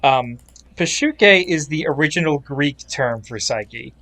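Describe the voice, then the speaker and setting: A man's voice: on the high side, animated, unhurried, sharp tone, dry recording. Wry man hosting, dry sound. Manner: explanatory, wry. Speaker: podcast host. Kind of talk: casual podcast chat.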